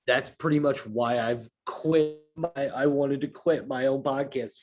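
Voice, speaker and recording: A man's voice: mid-range voice, fairly even intonation, a little slow. A man guesting on a podcast in casual chat, frank and swearing a lot as he rants.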